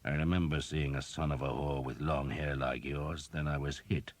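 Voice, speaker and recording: A man voicing a scarred knight in his thirties with a deep, harsh voice, growling and sour. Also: steady tone, normal speed. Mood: gruff.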